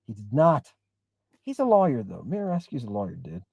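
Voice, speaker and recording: A man's voice: medium pitch, huge pitch swings, normal speed, gravelly, a little mellow, no room sound, muffled recording. A man hosting a livestream, talking emphatically and in a rambling way, reading and answering viewer comments. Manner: emphatic, rambling, keeps asking "right?". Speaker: host. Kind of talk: livestream talk with chat.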